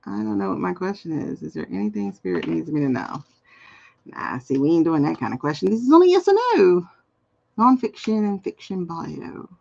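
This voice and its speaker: A woman's voice: deep voice, lively intonation, fairly quick, creaky, darkish tone, lo-fi sound. A woman in her forties hosting a casual tarot live stream, chatty and playful, reading chat comments aloud and laughing often. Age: 40s. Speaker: tarot card reader, livestream host.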